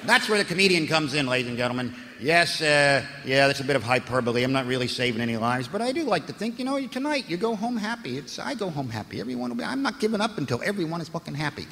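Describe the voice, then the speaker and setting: Profane, ranting American comedian on a club stage. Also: male voice, fairly high pitch, animated, quick pace, gravelly, hardly any pauses, long reverb tail, a little hiss or hum. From United States. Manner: profane, ranting, shifts into loud shouting. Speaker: stand-up comedian. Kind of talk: stand-up comedy set.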